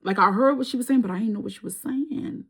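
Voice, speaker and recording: A woman's voice: fairly high pitch, fast talker, slightly rough. A woman doing a tarot reading, telling a personal story in casual, slangy speech and laughing often. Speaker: tarot reader.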